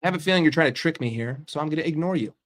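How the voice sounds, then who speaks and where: A man hosting a casual live stream and bantering with his chat in an animated, profane way. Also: a little high, racing. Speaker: livestream host.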